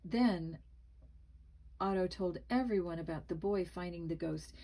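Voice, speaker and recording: A woman reading a spooky children's book aloud, expressive and dramatic, with small slips. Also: fairly low pitch, a little slow, low-quality recording. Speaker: storybook reader.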